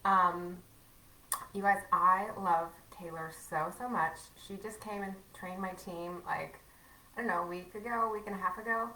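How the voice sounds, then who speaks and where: A chatty woman talks her team through a casual livestream training, full of fillers and self-mocking asides. Her voice is bright and sharp. It sounds a bit distant, in an echoey room. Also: fairly low pitch, steady tone, normal speed.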